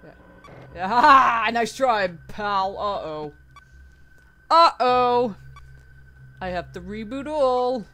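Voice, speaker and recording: A woman's voice: on the high side, slow, sharp tone. A young woman playing a horror game, chatting to the characters, swearing and laughing in panic. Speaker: gaming YouTuber. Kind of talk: horror game let's play commentary. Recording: faint music behind.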